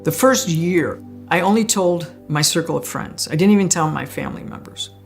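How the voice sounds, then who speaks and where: A woman's voice: fairly low pitch, moderate pace, creaky, soft background music. A woman telling her own story in a conversational way, often laughing as she speaks. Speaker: guest sharing a near-death experience. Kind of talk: personal storytelling.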